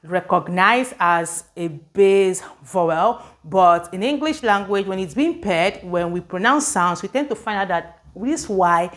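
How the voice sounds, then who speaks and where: A woman's voice: mid-range voice, lively intonation. Woman, english spelling teacher, patient explaining, sounds out words. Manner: explanatory, repeats words slowly, checks understanding. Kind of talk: spelling lesson at a board.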